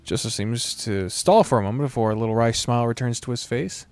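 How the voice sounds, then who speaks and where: A man's voice: medium pitch, a little fast, a little mellow, dry recording, soft background music. A man streaming a story game, reading its narration aloud in a playful manner. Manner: playful, laughs between lines.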